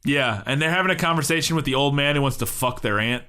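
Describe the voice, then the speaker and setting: A man's voice: mid-range voice, fast, over music. A man co-hosting a comedy podcast, rambling through a movie with frequent laughter and casual swearing. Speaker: podcast co-host.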